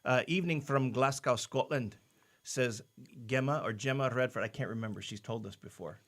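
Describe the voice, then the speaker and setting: A man's voice: medium pitch, normal speed, fairly bright tone. A man co-hosting a casual livestream, greeting viewers by name and joking as he reads their comments aloud in a studio. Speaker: livestream co-host.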